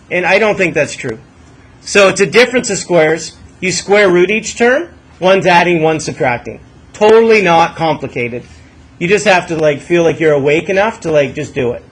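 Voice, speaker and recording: Guy teaching math to a class, high bright voice, keeps asking students questions. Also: animated, moderate pace, breathy edge, rough recording. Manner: questioning, coaxing students to think aloud. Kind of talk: classroom lesson.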